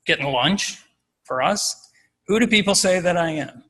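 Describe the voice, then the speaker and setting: A man voicing Jesus as a calm teacher gently questioning his followers. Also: high voice, unhurried, exaggerated voice.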